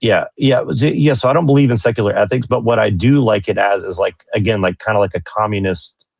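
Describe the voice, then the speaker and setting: A man's voice: on the low side, quick pace, creaky, no echo. A man in a casual philosophical debate who rambles and leans heavily on filler words.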